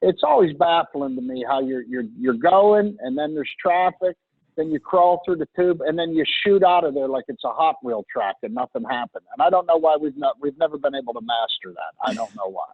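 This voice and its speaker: A man's voice: a little high, lively intonation, brisk, slightly rough. A middle-aged man with a Pittsburgh accent, co-hosting in casual chat and joking while rambling with restarts. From Pittsburgh, USA. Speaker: co-host. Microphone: remote video call. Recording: phone-line audio.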